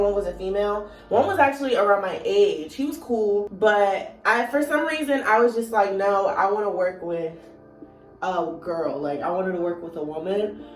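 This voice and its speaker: A woman's voice: on the high side, distant mic. A woman in her twenties with a groggy morning voice, telling a casual story time vlog, chatty and playful with lots of "like" and "you know". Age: 20s. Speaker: vlogger. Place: at home while doing her morning routine. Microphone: phone on a moving gadget. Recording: echoey room, phone set back, soft music behind.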